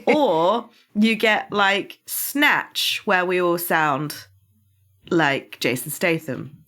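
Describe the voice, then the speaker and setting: Low-voiced British woman chatting. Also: very slow, a bit bright. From Britain. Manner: chatty, laughs often, restarts words. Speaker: podcast co-host. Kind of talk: casual chat.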